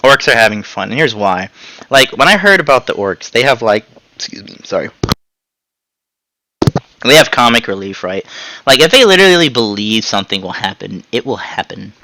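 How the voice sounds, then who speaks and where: A man's voice: medium pitch, moderate pace, poor audio. A man hosting a podcast, chatting casually and telling jokey stories with sound effects. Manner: joking, animated storytelling with sound effects. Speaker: podcast host. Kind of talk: casual chat.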